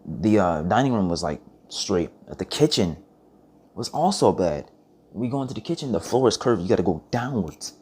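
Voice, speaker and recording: Deep-voiced young man telling rambling stories. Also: moderate pace, husky. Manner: rambling, profane, animated retelling with restarts. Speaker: vlogger. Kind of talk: casual storytelling monologue.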